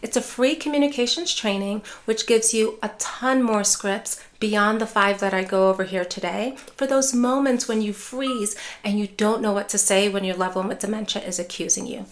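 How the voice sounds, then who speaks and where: Woman, dementia care educator, calm measured delivery, reassuring, clear teaching tone. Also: medium pitch. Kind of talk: scripted educational talk to camera.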